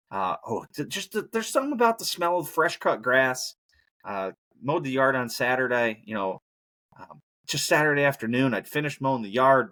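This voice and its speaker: A man's voice: medium pitch, fairly bright tone. A man hosting a solo podcast, rambling casually and breaking into profane rants. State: injured knee, hobbling. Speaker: podcast host.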